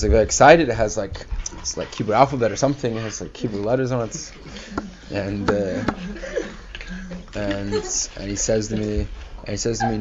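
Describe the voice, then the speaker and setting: Rambling man telling a story, lo-fi. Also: lowish voice. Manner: rambling, filler-heavy, animated quoting of others. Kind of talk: casual personal storytelling. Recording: dull lo-fi recording with faint hiss.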